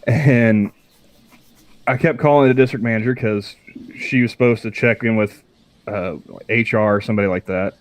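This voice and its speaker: A man co-hosting a podcast, telling a story in casual chat, halting often with fillers. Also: lowish voice, fairly even intonation. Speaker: podcast co-host.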